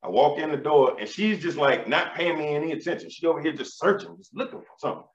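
Male stand-up comic, lively high voice, slang, roomy dull live recording. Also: fast. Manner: animated storytelling with profane street slang. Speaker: stand-up comedian. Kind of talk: stand-up comedy routine.

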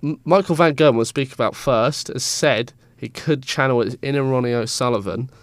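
A man's voice: medium pitch, brisk, dry recording. A man co-hosting a casual sports podcast, rambling and stumbling over player names with self-mocking asides.

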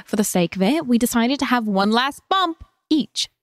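Woman podcast co-host, fairly high voice that swings widely, giggly and animated, dry close mic. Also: normal speed, no echo. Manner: giggly, animated, breaks into laughter. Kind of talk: reading a listener confession aloud.

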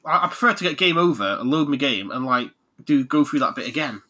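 A man chats casually about games in a very bright, tense voice, with lively ups and downs. He jokes and laughs often, like an animated podcast host. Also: medium pitch, fast. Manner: animated, jokey, laughs a lot. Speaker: podcast host, game reviewer. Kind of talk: casual chat.

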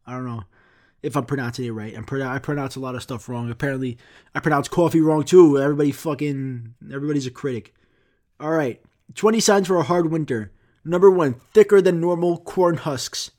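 A young man hosting a solo podcast, ranting profanely and swinging between loud outbursts and low mumbles. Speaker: podcast host. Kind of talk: casual solo podcast rant.

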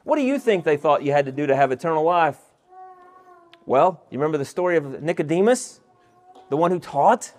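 A man's voice: a little high, expressive, brisk, long pauses, a little mellow. A male pastor preaching an expository sermon, reading scripture verses aloud and asking the listeners rhetorical questions.

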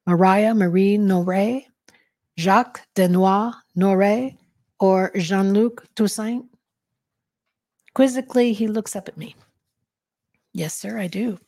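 A woman reading aloud from her own novel, voicing the dialogue in a calm, even storytelling manner. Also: medium pitch, husky, no room sound, studio quality. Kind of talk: audiobook-style reading.

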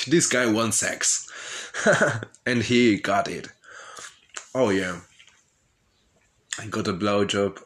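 Slow, low-voiced man rambling candidly. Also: fairly bright tone. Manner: hesitant and profane, with frequent laughs and fillers. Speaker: vlogger telling his life story. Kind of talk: rambling personal monologue.

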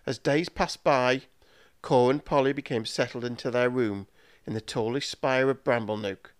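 A man's voice: medium pitch, normal speed, clean tone, no room sound. Man reading a storybook aloud. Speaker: narrator. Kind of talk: storybook narration.

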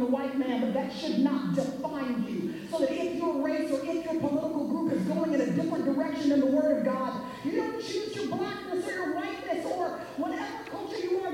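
A woman giving an impassioned speech, her points building to forceful declarations. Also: high voice, a little fast, hardly any pauses. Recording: echoey hall from far off, faint noise.

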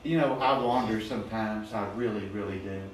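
A man preaches in a slow, emphatic rhythm, stacking repeated phrases. His lowish voice rings through a very echoey church. He sounds set back from the microphone, with faint room hum behind him. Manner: emphatic, repetitive preaching cadence. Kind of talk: sermon. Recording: very echoey, distant mic.

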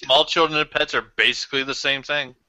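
A man's voice: mid-range voice, fairly even intonation, fairly quick, bright, forceful tone, no echo, low-quality recording. A man chatting on a podcast, making dry, matter-of-fact quips. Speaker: podcast guest. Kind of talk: casual podcast chat.

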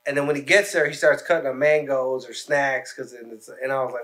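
Bright-voiced, profane male storyteller. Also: mid-range voice, fairly even intonation, a little fast. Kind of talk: casual podcast chat.

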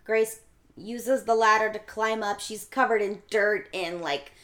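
A woman chatting casually on a podcast, retelling a movie plot with a relaxed, chatty delivery. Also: medium pitch, unhurried. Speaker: podcast co-host. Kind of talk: casual movie recap chat.

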